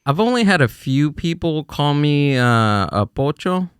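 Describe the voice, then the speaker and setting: A man in casual podcast talk, halting and searching for his words. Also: fairly high pitch, big pitch swings, smooth, dry recording, clean studio sound.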